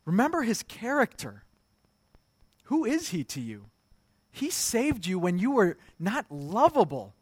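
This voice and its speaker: A man in his thirties with a fairly high voice gives a sermon. He talks to the congregation in a relaxed, conversational way and drops into stories about his young sons. The sound is close and dry, with almost no room echo. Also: unhurried, breathy edge. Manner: conversational preaching with personal family stories. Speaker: pastor.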